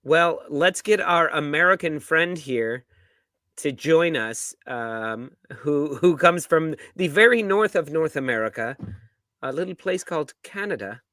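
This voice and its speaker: Brief: man co-hosting a football fan show, jokey and laughing, a bit high-pitched, dry mic. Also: expressive, measured pace, sharp tone, no echo. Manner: joking, laughs often. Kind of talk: casual banter. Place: live-streamed show.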